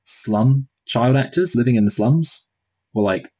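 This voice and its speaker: A man's voice: medium pitch, measured pace, a little mellow, breathy edge, poor audio. A married man co-hosting a movie review podcast, chatting casually with wry jokes and meandering asides. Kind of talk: casual chat.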